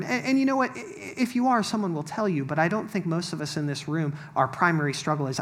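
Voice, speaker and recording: A man's voice: high voice, fast, hardly any pauses, fairly bright tone. A man giving a sermon as pastor, reading scripture and explaining it in a wry, conversational way with asides to the congregation.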